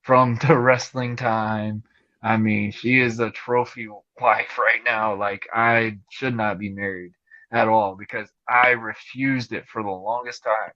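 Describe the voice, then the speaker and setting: A man's voice: fairly low pitch, fairly even intonation, unhurried, bright, forceful tone, no room sound, highs cut off. A man hosting a casual podcast conversation, talking candidly and emotionally with lots of fillers. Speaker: podcast host.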